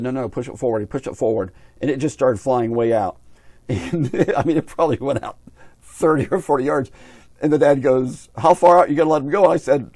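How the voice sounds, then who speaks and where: A man's voice: mid-range voice, dark tone, no echo. Rambling man telling a hobby story. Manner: rambling, repeats himself, quotes others in his own voice. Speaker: RC aviation vlogger. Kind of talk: casual storytelling monologue.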